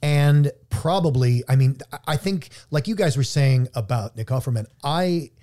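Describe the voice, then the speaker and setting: Guy cohosting a podcast, casual chat, kinda dark mellow tone, jokey. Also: mid-range voice, normal speed. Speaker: podcast co-host.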